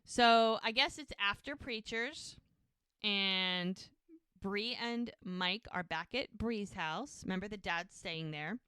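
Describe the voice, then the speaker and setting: A woman's voice: mid-range voice, slow pace, sharp tone, clear, resonant tone, no room sound. A woman co-hosting a podcast, casually retelling TV scenes and quoting the characters' lines. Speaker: podcast co-host recapping episodes. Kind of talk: casual recap chat.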